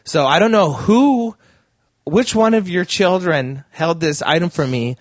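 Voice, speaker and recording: A man's voice: high-pitched, unhurried, no echo. A man tells a story in a loose, chatty way. He laughs often and slips into the voices of the people in it. The sound is close and dry, with no room around it. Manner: animated, laughing, acts out the people he quotes. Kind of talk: casual storytelling chat.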